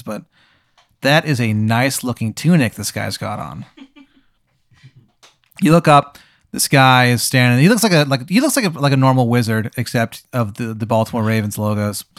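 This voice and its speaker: A man's voice: medium pitch, fairly bright tone, no room sound, clean studio sound. A man hosting an improvised role-play game, narrating in a rambling, casual way with lots of "like"s and swearing. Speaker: game host.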